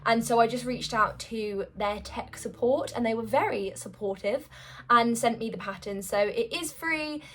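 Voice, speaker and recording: A woman's voice: fairly high pitch, moderate pace, a bit bright. A woman chatting casually to camera about her sewing, a bit out of breath and rambling in a self-deprecating way. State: a little out of breath. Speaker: sewing vlogger.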